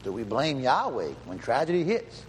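A man's voice: medium pitch, very animated, moderate pace, a little hiss or hum. Emphatic male preacher in a reverberant hall. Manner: emphatic, repeats and rephrases, asks the room questions. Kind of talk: sermon with scripture reading. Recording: hall reverb, faint ambience.

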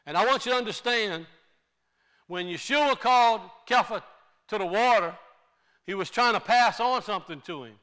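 Male preacher, high clear voice, slow deliberate sermon delivery. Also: bright, forceful tone. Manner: slow, deliberate teaching with emphatic rises.

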